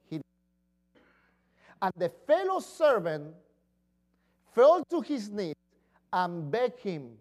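Animated male pastor preaching. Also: sits high, takes it slowly, pauses often. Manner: animated, acts out quoted pleas in voices. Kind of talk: sermon.

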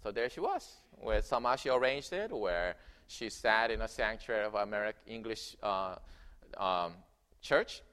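A man preaching a sermon in a church, telling a story with animated swings between loud emphasis and quiet narration. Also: on the low side, moderate pace, smooth. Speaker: pastor. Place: church sanctuary.

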